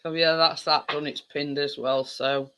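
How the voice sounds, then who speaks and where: A woman's voice: low voice, steady tone, a little slow, fairly bright tone. A woman hosting a casual livestream, chatting with viewers in a rambling way with lots of fillers. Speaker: livestream host.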